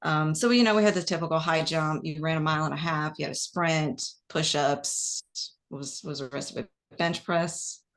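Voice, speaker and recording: A woman's voice: sits low, steady tone, normal speed, hardly any pauses, fairly bright tone. Matter-of-fact woman, crime scene investigator. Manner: plain, matter-of-fact, with fillers. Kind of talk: casual interview answers.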